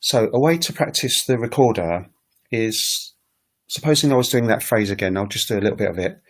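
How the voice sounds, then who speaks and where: Man, fairly low voice, hesitant, rambling, casual livestream lesson. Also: lively intonation, fairly quick. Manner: rambling, hesitant, many fillers. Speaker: language teacher and recorder player. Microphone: webcam livestream setup.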